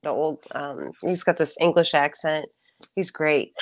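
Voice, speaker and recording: Flustered young woman, slightly low. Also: unhurried. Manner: flustered, nervous laughter, pleading. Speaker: guest. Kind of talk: casual live-stream banter.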